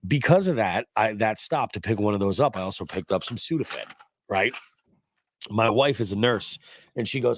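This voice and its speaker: A man's voice: on the low side, animated, normal speed, a little hiss or hum. A congested middle-aged man hosting a podcast, chatting casually in a rambling, profane, joking way. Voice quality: stuffy, nasal. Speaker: podcast host. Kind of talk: casual chat. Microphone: studio mic.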